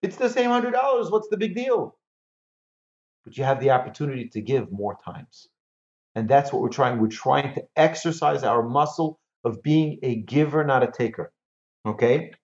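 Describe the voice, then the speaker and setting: A man teaching a Torah lesson in an animated way, repeating key phrases and asking rhetorical questions. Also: medium pitch. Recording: echoey, slightly dull room recording.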